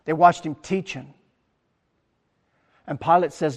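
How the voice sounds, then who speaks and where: A man preaching a sermon as pastor, animated, acting out the crowd's words in his talk. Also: a little high, takes it slowly, pauses often, in a large hall. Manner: animated preaching, acts out quoted crowd lines.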